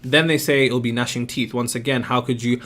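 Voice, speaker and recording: A man's voice: medium pitch, fairly even intonation, fairly quick, a bit bright. A man hosting a live question-and-answer stream, explaining his views with emphatic rhetorical questions. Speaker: host answering viewer questions.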